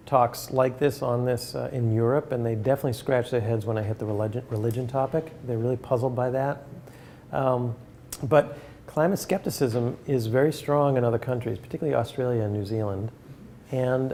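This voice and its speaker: A man giving an academic talk and taking questions from the audience, speaking earnestly and in a measured way, often restarting his sentences. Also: mid-range voice, mellow, a little hiss or hum. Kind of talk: lecture with questions.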